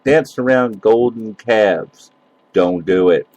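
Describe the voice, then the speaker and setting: A man's voice: fairly low pitch, slow pace, highs cut off, very noisy. Profane, sarcastic male podcast host. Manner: loose and rambling with many fillers. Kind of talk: casual solo podcast rant.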